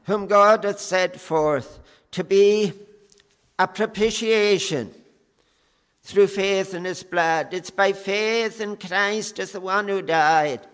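A man preaching a sermon with slow, earnest delivery, pausing often on "eh" and appealing with fervent "oh"s. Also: high-pitched, fairly bright tone, smooth. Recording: long hall reverb.

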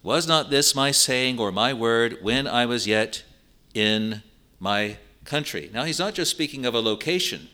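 A man's voice: medium pitch, lively intonation, bright, forceful tone. A man preaching a sermon, explaining a Bible passage earnestly and driving points home through repetition. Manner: slow, earnest Bible exposition with emphatic repetition.

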